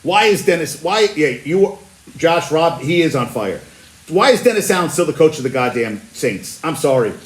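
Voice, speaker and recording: A man hosting a casual sports talk show, with a high voice that swings widely in pitch. He laughs often and restarts his sentences. The room gives his voice an echo. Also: big pitch swings, moderate pace. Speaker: podcast host.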